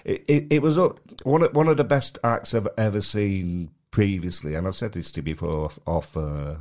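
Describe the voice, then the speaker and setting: A man from Manchester with a strong Mancunian accent and a very low-pitched voice. He talks in a loose, rambling way, full of restarts, like a podcast co-host chatting casually. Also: normal speed, a little mellow. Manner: rambling, stop-start, lots of restarts. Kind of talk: casual chat.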